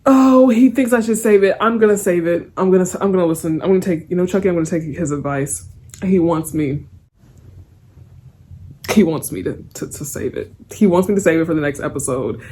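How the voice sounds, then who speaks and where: A woman's voice: on the low side, quick pace, warm tone. A young woman giving a casual spoken review of a TV episode, rambling and giggly, with lots of fillers and restarts. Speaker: TV series reviewer.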